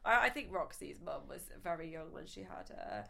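A woman, co-hosting a casual podcast chat. She is lively and giggly, and her voice swoops up when she is amused. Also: lowish voice, moderate pace, creaky. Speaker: podcast co-host. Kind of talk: casual chat about a TV show.

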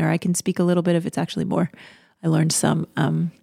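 A woman playwright and performer in a casual interview, animated, with frequent laughs and quick asides. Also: lowish voice, creaky, no room sound, clean studio sound.

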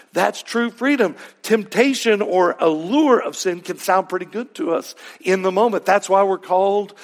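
A middle-aged man preaching a sermon in a conversational way, asking rhetorical questions and correcting himself as he goes. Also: sits high. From Texas. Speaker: pastor.

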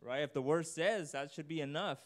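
A man's voice: a little high, moderate pace. A man giving an informal, earnest sermon, reading scripture aloud and talking through it conversationally, his voice rising on points of emphasis. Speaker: preacher.

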